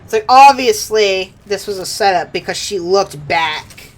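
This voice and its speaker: A woman streamer talks over a game at an unhurried pace. Her pitch swings widely, and she laughs often and swears freely. She reads game lines aloud in between her own remarks. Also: lively intonation, slight background noise. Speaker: streamer playing a video game. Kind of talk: casual gameplay commentary.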